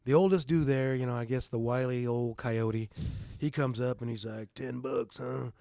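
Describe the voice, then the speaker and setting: A middle-aged man casually telling a story on a podcast, animated and swearing, often asking "you know what I mean". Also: mid-range voice, normal speed, dry recording, studio quality. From Mexican heritage. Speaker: podcast host.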